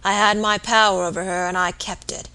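A woman reading aloud as a dying, rough-spoken working man, bitter and feverish, with coarse rural speech. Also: medium pitch, moderate pace, fairly bright tone, natural voice.

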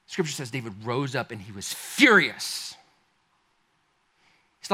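A man preaching a sermon, telling a story in an animated, conversational way that speaks straight to his listeners. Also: mid-range voice, unhurried, long pauses, slightly rough. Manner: animated, conversational, addresses the congregation directly. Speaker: pastor.

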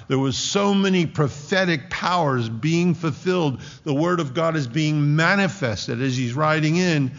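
A man's voice: on the high side, measured pace, few pauses, a bit bright, big-room sound, muffled recording. A man preaching a sermon in an earnest, conversational way, with frequent asides.

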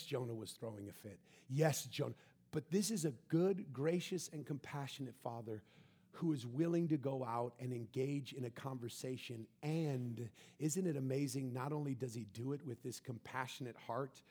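A man preaching a sermon, emphatic, rising loud then dropping soft. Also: mid-range voice, husky. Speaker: pastor.

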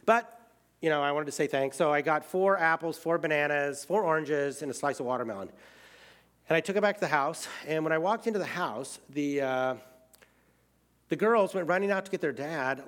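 An American man with a medium-pitched voice tells a casual personal travel story loaded with fillers, his tone shifting between excited outbursts and quiet, hushed moments.

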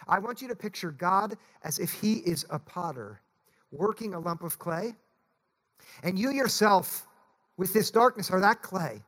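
Male pastor, sermon, high voice, earnest, pleading. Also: animated, unhurried, a bit bright. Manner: earnest, pleading, repeats "listen". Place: church.

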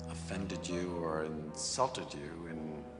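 A man's voice: rumbling low, fairly even intonation, slow. An actor playing a grudging man who wants to get out of apologizing, haggling in a dry, evasive way. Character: grudging middle-aged man forced to apologize. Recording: comedy clip played in an echoey hall, music behind.

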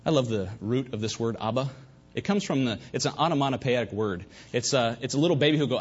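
A man preaching a sermon at a church service, fervent, swinging between loud emphasis and hushed asides. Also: mid-range voice, big pitch swings, fast talker, breathy edge. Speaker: pastor. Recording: dull lo-fi recording.

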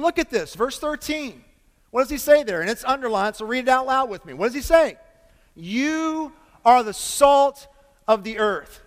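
A man preaching a sermon to his congregation, animated and emphatic, calling out to the room and asking for amens. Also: sits high. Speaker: pastor. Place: church sanctuary with congregation. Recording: long hall reverb.

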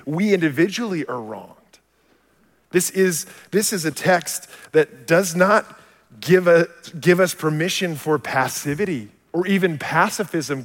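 A man preaching a sermon as a pastor, telling stories with animated swings from quiet, low passages to loud shouted peaks. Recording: long hall reverb.

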